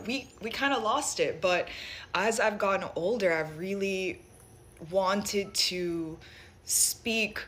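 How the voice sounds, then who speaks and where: A woman's voice: mid-range voice, a bit bright. Reflective woman with a light Jamaican accent. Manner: reflective, rambling with fillers. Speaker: vlogger. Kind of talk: casual personal talk to camera.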